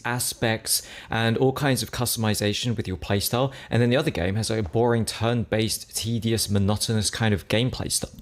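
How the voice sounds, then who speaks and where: Lowish-voiced guy grumbling through a game review, dismissive. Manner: dismissive, complaining. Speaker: game reviewer in a played clip. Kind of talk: spoken video review.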